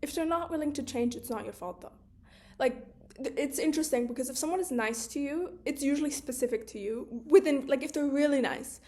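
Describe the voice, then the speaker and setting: Young woman, high voice, candid, swears freely, filler-heavy casual vlog talk. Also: fairly quick, dark tone. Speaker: video creator. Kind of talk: casual talking-to-camera monologue.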